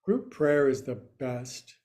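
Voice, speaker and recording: A man guiding a yoga class, giving slow cues with playful, quirky asides. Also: medium pitch, animated, darkish tone. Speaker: yoga teacher.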